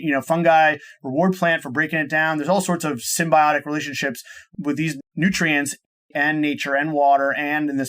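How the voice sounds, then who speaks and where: A man's voice: fairly high pitch, fairly bright tone. A man speaking as a guest on an interview show, explaining enthusiastically and rambling, often restarting his sentences and linking ideas with "and so". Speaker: podcast guest, startup cofounder. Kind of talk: casual explanatory interview talk.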